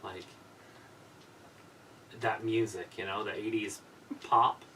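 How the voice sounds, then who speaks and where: A man's voice: lowish voice, level tone, slow, sharp tone, recorded from a distance, a little hiss or hum, low-quality recording. A man co-hosting a casual live stream, trading dry, teasing asides with the host. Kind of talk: casual watch-along banter.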